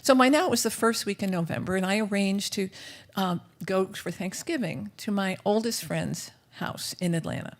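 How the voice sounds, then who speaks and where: A woman's voice: mid-range voice, normal speed. A woman telling a personal story live at a café, in a vivid, well-paced first-person manner. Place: café stage.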